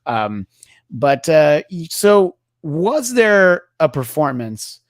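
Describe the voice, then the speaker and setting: A man's voice: fairly high pitch, very animated, slow pace, no echo. Rambling man, dry close sound. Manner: rambling, lots of fillers, jokey asides. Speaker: podcast co-host. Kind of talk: casual chat.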